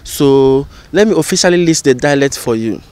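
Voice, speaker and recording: A man teaching an informal lesson as a channel host, explaining slowly and repeating example phrases. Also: mid-range voice, lively intonation, darkish tone, smooth. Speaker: language educator and channel host.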